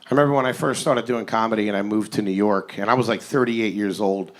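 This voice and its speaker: A man in his forties performing a stand-up comedy set on stage, with an animated, incredulous, ranting delivery. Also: lowish voice, quick pace. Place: comedy stage before a live audience.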